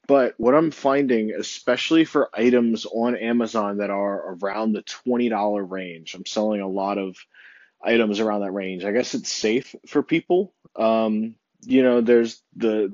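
A man's voice: on the low side, darkish tone, no room sound. A man talking casually to camera, thinking aloud in a hesitant way with fillers. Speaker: online seller. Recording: dry, dull lo-fi sound.

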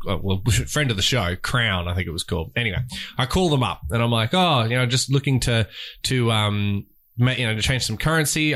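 A man's voice: on the low side, a bit bright. A man with an Australian accent, co-hosting a podcast and telling a rambling story in casual chat, swearing freely. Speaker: podcast co-host.

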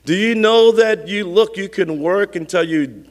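High-voiced pastor preaching in a hall. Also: male voice, a little slow. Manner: conversational preaching, rhetorical questions, repeats key phrases. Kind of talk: sermon.

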